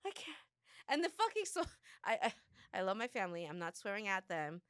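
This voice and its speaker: A woman in her thirties co-hosting a podcast, chatting bluntly, swearing freely and acting out her family in loud bursts. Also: mid-range voice, big pitch swings, brisk, clear, resonant tone, no room sound, clean studio sound. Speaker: podcast co-host. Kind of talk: casual chat.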